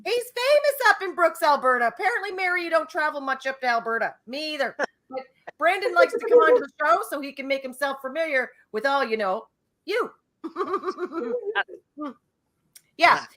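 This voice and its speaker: A woman host chats and rambles her way through a trivia show. Her voice is high and bright, and she laughs easily. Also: very animated, moderate pace. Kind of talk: casual chat.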